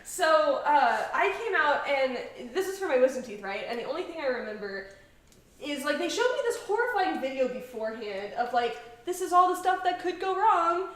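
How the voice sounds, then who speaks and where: A chatty young woman hosts a cooking show and tells rambling stories full of "like" and "um". Her voice sits a little high and carries through a very echoey kitchen. She is picked up from some distance off the mic. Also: very animated, moderate pace. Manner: chatty storyteller, many "like"s and laughs. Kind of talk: casual chat while cooking. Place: home kitchen.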